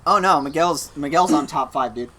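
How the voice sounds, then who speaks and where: Over a noisy crowd, a young podcast co-host with a voice on the high side speaks at normal speed. He tells a casual work story in an animated way, acting out quotes and laughing often.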